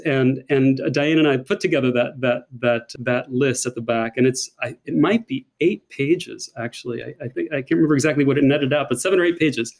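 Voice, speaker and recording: An American man speaking as a guest in an interview, effusive and enthusiastic, often repeating words as he searches for them. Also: a little high. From United States. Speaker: guest, author and designer. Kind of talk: interview conversation.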